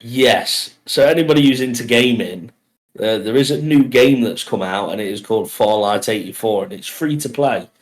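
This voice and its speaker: A man's voice: mid-range voice, normal speed, rough recording. A man co-hosting a casual podcast, joking and laughing often as he talks. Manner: jokey, laughs often between lines. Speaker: podcast co-host.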